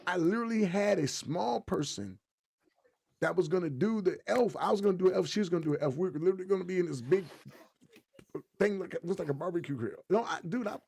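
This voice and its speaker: A man's voice: high-pitched, quick pace, vocal fry, slightly rough. A man co-hosting a podcast, chatting casually and telling jokey stories with lots of energy. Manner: animated, joking storyteller. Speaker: podcast co-host. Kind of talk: casual chat.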